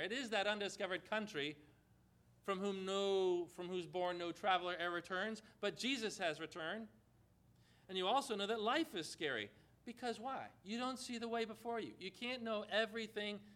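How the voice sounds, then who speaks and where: A man's voice: high voice, pushed and bright. A man preaching a sermon, speaking emphatically and putting rhetorical questions to his congregation.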